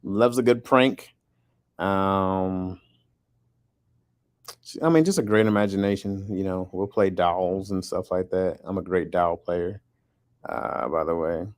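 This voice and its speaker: A man's voice: low-pitched, steady tone, takes it slowly, long pauses, dry recording. A man chatting casually on a podcast, rambling and joking as he tells stories. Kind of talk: casual chat.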